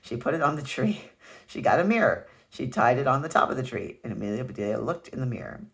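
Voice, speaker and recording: A man reading a picture book aloud as a teacher, telling the story in an expressive, animated way. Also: medium pitch, quick pace, vocal fry.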